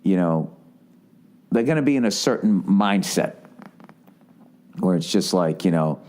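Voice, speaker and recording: A man's voice: deep voice, a little slow, pauses often. Profane, rambling storytelling man. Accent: Boston. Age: 40s. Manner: rambling, profane, animated storytelling with acted-out quotes. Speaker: comedian and podcast host. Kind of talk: casual storytelling monologue.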